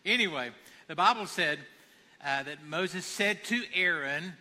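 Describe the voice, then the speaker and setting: A man's voice: on the high side, lively intonation, a little slow, pushed and bright, big-room sound. A man preaching a conversational sermon, acting out quoted lines as he goes.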